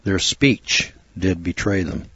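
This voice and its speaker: An older American man narrating a spoken book review in a measured, earnest lecturing way with asides. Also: deep voice, fairly bright tone, breathy edge, no room sound. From United States.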